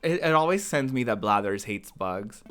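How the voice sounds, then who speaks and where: A man's voice: mid-range voice, lively intonation, moderate pace, a bit bright. A man from the American South chatting casually on a game stream, rambling, restarting his sentences and answering his chat as he plays. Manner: talks back to viewer chat as he plays.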